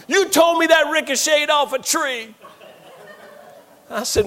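A middle-aged man preaching a sermon, telling funny family stories with animated delivery and acting out the voices of the people he quotes. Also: extremely high pitch, measured pace, pauses often. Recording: long reverb of a large hall.

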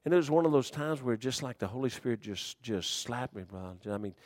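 A man preaching a sermon in folksy dialect, swinging between shouted warnings and hushed, quiet storytelling. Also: mid-range voice, animated, brisk, dry recording, clean studio sound.

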